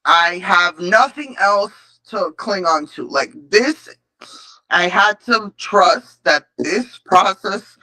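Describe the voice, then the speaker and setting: A man's voice: high-pitched, lively intonation, slow pace, pushed and bright, poor audio. A man telling his recovery story at a support meeting, candid, emotional and full of swearing. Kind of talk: personal recovery testimony.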